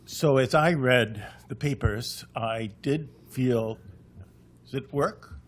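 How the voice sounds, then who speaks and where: A man, a lecturer on a panel, giving a conversational talk full of "uh" pauses. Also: medium pitch.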